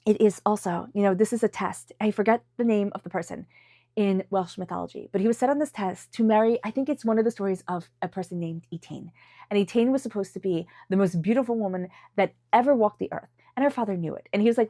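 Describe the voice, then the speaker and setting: A woman's voice: mid-range voice, fast, gravelly, no echo. Congested lady doing a tarot reading, chatty, whispers sometimes, mid voice, dead dry room. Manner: chatty, emphatic, drops into soft whispers. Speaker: tarot reader. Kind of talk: casual tarot reading to camera.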